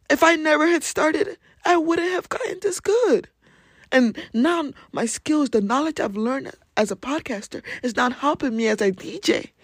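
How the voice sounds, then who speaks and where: A man's voice: extremely high pitch, lively intonation, moderate pace, a bit bright, dry recording. A young man with an African accent, hosting a motivational podcast monologue in a blunt, emphatic way and swearing for emphasis. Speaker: podcast host.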